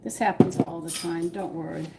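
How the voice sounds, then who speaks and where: Host, woman, gravelly voice, chatty cooking demo, noisy kitchen with pots clattering. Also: lowish voice, fairly even intonation, normal speed. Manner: chatty, explains steps while working dough by hand. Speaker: home cooking show host. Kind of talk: live-stream cooking demonstration. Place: home kitchen.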